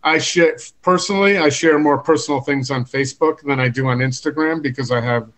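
A man's voice: on the high side, brisk, a bit bright. A man hosting a podcast who rambles through long, musing questions. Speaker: podcast host. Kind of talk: casual podcast interview.

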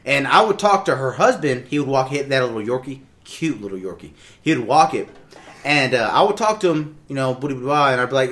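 A man's voice: medium pitch, very animated, brisk, fairly bright tone. A man telling a long rambling story in casual chat, with many restarts and laughs.

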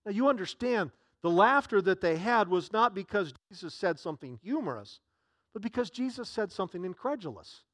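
Male pastor preaching a sermon, high voice, dry close sound, earnest with frequent restarts. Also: animated, fairly quick, a bit bright, no room sound.

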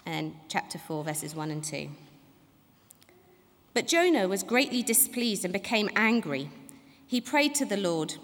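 A woman reading a Bible passage aloud in a church, measured and formal. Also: medium pitch, very animated. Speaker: Bible reader. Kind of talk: scripture reading. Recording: long church reverb.

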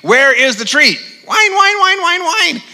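A man voicing a whiny pet dog that begs insistently for treats, in a high, pleading voice. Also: sing-song, unhurried, bright, forceful tone, heavily acted. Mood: whining. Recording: long reverb of a large hall.

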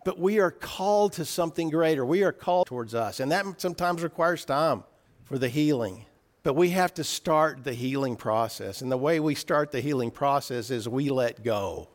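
A man's voice: medium pitch, lively intonation, normal speed. A man preaching an earnest sermon, often repeating and restarting his phrases as he reasons through a scripture passage.

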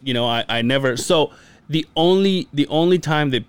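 A man co-hosting a casual podcast, telling animated stories, acting out quoted dialogue and swearing freely. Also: a little high, normal speed, smooth. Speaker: podcast co-host.

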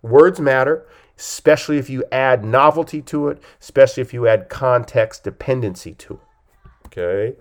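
A man who coaches, talking on a podcast in an emphatic way, with lively swings in pitch and loudness, often checking in with "okay?". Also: moderate pace. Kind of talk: podcast talk.

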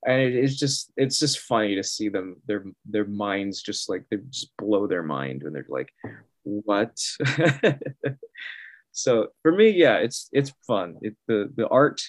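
A man chatting casually as a guest, animated and laughing often, acting out other people's reactions. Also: fairly low pitch, slow pace, dry recording. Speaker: guest artist. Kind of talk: casual storytelling.

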